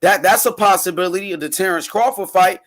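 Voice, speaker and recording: A man from Los Angeles calling into a live chat, brash and boastful, talking himself up and hyping loudly. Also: high-pitched, fairly quick. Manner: brash, boastful, hyped shouting. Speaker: call-in guest. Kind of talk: casual chat.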